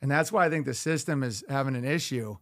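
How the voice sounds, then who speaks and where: A man's voice: mid-range voice, fast talker. A man from Upstate New York talking as a comedian guest on a studio podcast, telling loose stories and slipping into mock voices. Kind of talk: casual podcast conversation.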